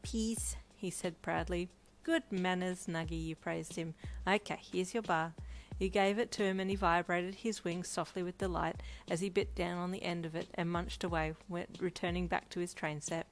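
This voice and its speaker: A woman reading a second-person fan story aloud with lively, expressive narration. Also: on the low side, normal speed, few pauses, slight background noise, rough recording. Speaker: fanfic narrator.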